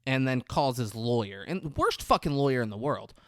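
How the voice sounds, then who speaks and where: A young podcast co-host retelling a story in casual, profane chat. His pitch swings around with animated intonation, and the sound is dry and close to the mic. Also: a little fast, no echo.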